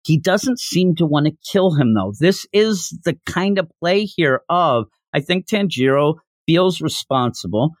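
A man hosting a podcast, retelling a chapter in an animated, enthusiastic way. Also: a little high, unhurried, few pauses, dry recording, clean studio sound. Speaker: podcast host. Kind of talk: casual chapter recap.

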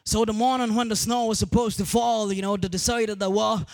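A male preacher retelling a story in a sing-song sermon cadence, repeating and restarting words, building up to shouting. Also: high voice, steady tone, brisk, no echo.

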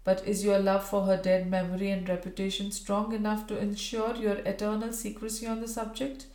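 A woman reading the part of a proud, grieving Victorian gentleman, earnest and formal, in a roomy space. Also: mid-range voice, completely flat delivery, a little fast, natural voice. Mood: grave. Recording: roomy echo.

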